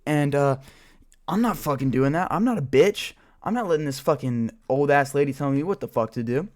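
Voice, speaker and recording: A man's voice: a little high, lively intonation, a little fast, darkish tone. A young man telling a rambling, profane childhood story in a casual vlog while gaming, full of filler words. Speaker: storyteller vlogger.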